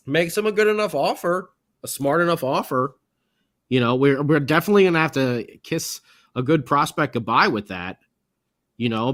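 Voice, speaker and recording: A man co-hosting a late-night sports podcast, chatting casually in an animated, joking, rambling way. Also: medium pitch, no echo, clean studio sound. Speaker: podcast co-host.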